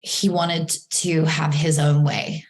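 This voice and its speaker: A young woman hosting an interview, chatting casually and telling a story in an animated way with lots of "um" and "like". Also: deep voice, slow pace. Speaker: host.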